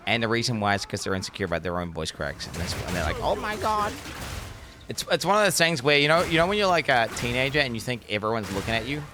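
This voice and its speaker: A young adult man streaming a game, chatting casually with his viewers and ranting excitably, swearing freely. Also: medium pitch, very fast, few pauses, noisy background. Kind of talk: casual live-stream chat.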